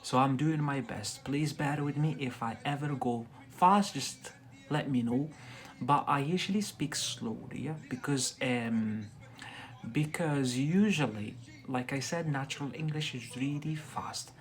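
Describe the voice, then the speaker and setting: A man hosts a live-streamed English lesson, speaking slowly and deliberately. His voice sits at an ordinary middle pitch, and he keeps checking in with his viewers as he explains each word. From Algeria. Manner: deliberately slow, frequent "yeah?" check-ins. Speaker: English tutor livestreamer.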